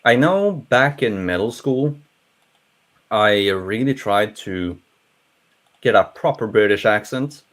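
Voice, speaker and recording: A young man from Norway with a Norwegian accent, English his second language, rambling and animated with many restarts in a casual panel discussion. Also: lowish voice, slow, pauses often.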